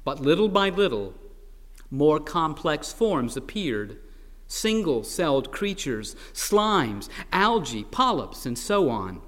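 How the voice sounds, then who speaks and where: A man's voice: a little high, very animated, slow, fairly bright tone, big-room sound, heavily acted. A man voicing an indignant, proud squishy sea creature who talks in a prim, touchy way. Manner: prim, huffy, insists on being rational.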